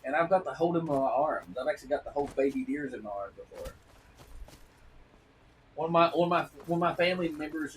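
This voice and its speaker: A man chatting casually on a live stream, rambling with frequent restarts and repeated words. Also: mid-range voice. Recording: distant mic with faint noise.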